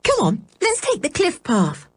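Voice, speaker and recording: A woman voicing an eager, excitable young girl in a storybook reading, squealing and breathless. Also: very high voice, unhurried, no room sound, pitched above the performer's own voice, full character voice.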